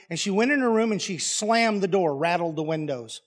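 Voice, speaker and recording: A man's voice: high voice, brisk, hardly any pauses. A middle-aged man preaching, telling family stories in a folksy, plainspoken and humorous way. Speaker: pastor. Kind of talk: storytelling sermon.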